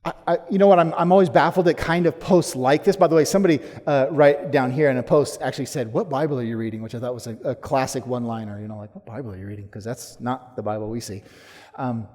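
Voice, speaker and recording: A man preaching a sermon as pastor, emphatic, rising to forceful challenges and then dropping low. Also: quick pace. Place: church sanctuary. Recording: long hall reverb.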